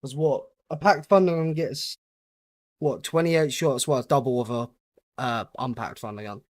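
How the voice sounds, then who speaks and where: A young British man chatting casually with his viewers while playing a game on a livestream, relaxed and easygoing as he greets viewers and answers their questions. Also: medium pitch, normal speed, dry recording, studio quality. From United Kingdom. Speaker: gaming livestreamer.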